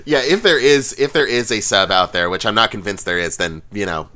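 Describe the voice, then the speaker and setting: A male podcast co-host chats casually with a dry, wry humor. He often slips into acted-out quotes. His voice is fairly low but bright and forceful. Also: brisk. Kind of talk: casual chat.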